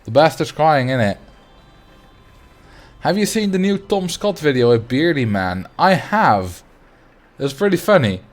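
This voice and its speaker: A man's voice: a little high, very animated, moderate pace. A young man from the Netherlands, chatting casually on a game livestream, laughing often and muttering to himself as he builds. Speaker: game streamer.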